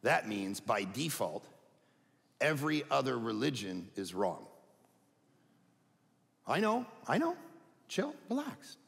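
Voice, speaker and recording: A middle-aged man, a pastor preaching a sermon, animated and emphatic, dropping to quiet asides. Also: slow, gravelly, long pauses, slight background noise. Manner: animated, swings from loud emphatic highs to low quiet asides. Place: large church hall. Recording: long hall reverb.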